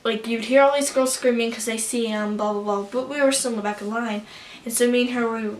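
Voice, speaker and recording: A young woman vlogging a casual story, gushing and excitable, rambling with lots of fillers. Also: fairly high pitch, fast talker. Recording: roomy with faint background noise.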